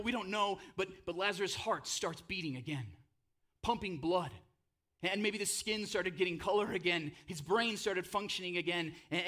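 A male pastor delivers a sermon, dramatizing the story by dropping to a hush and then booming out names, with casual jokes tossed in along the way.

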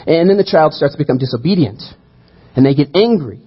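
A man preaching a sermon, telling the story with animated energy and acting out the quoted voices. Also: a little high, fairly quick, breathy edge, muffled recording. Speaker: pastor.

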